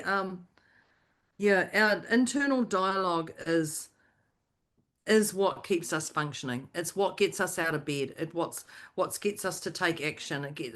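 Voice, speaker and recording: A woman's voice: fairly low pitch, fairly bright tone. A woman co-hosting a podcast, talking in a playful, rambling way and laughing often. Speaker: podcast co-host. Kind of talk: casual chat.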